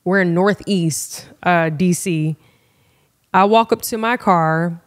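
A woman's voice: lowish voice, slow. Frank woman telling a story. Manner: animated, frank, addresses listeners as y'all. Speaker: podcast host. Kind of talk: casual storytelling.

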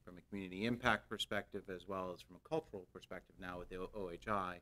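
This is a company executive speaking to his board. He is a man with a fairly low voice, and he talks earnestly, doubling words and pausing on "uh" as he builds his points. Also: steady tone, pushed and bright. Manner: earnest, repeats words, hesitant fillers. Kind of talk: formal business remarks.

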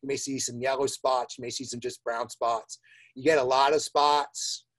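A man's voice: mid-range voice, fairly even intonation, moderate pace, fairly bright tone. A man giving an informal webinar lecture on plant problems, chatty, with many fillers, repeated words and laughing asides. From New Jersey. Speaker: plant diagnostics lab director giving a webinar.

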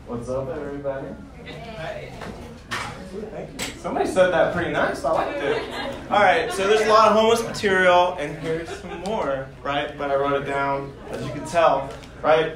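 High-voiced man doing stand-up in an echoey club. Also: moderate pace, distant mic, crowd noise. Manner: rambling, laughs at his own jokes, crude asides. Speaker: stand-up comedian. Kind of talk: stand-up set. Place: comedy club in front of a crowd.

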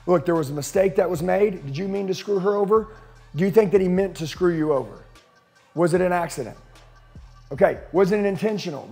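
A man's voice: on the high side, vocal fry, mellow. A middle-aged man coaching sales teams, intense and emphatic, firing off rhetorical questions and swearing freely. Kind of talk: motivational business coaching talk.

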